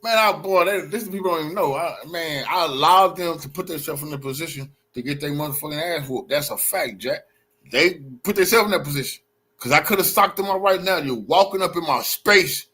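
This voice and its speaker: A man's voice: a little high, bright, forceful tone, breathy edge. A man streaming casual, rambling commentary, profane and boastful. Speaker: streamer and blogger.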